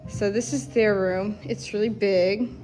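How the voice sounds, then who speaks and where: A woman's voice: medium pitch, steady tone, a little slow, dark tone, soft background music. Chatty woman giving a castle tour. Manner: chatty, upbeat, a bit scattered. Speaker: vlogger giving a house tour. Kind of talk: casual tour narration. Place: old stone castle, indoors and on the roof.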